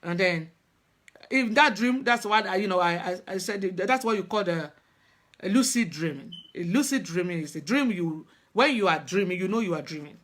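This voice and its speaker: A woman's voice: on the low side, lively intonation, a bit bright. Earnest middle-aged woman. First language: Yoruba. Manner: earnest, halting, with many restarts. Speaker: spiritual practitioner. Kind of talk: personal storytelling talk.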